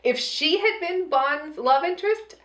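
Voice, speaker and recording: A woman's voice: sits high, lively intonation, measured pace, a bit bright. Chatty woman in a roomy echo. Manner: chatty, profane, lots of "like". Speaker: podcast co-host. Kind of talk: casual movie review chat.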